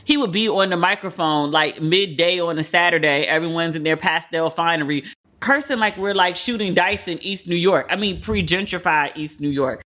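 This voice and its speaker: A woman's voice: lowish voice, normal speed, a bit bright. A woman hosting a podcast, giving frank, profane pop-culture commentary and retelling what others said in casual quoted asides. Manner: candid and profane, heavy use of "like". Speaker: podcast host.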